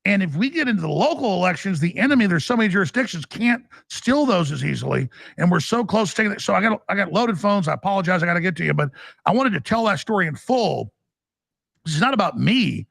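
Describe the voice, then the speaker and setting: Raspy male talk-radio host, slightly high, dry studio sound. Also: big pitch swings, fast, a bit bright, no echo. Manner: rambling, restarts, urgent. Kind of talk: animated talk-radio storytelling.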